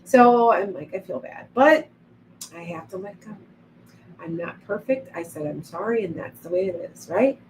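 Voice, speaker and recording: A middle-aged woman chats loosely through a live psychic reading stream, drifting between tangents and replies to viewers. Her voice sits at an ordinary pitch for a woman. A faint hiss of noise runs under her webcam sound. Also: lively intonation, moderate pace, low-quality recording. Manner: chatty, rambling, reads viewer comments aloud. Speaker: psychic livestream host. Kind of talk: casual live-stream chat.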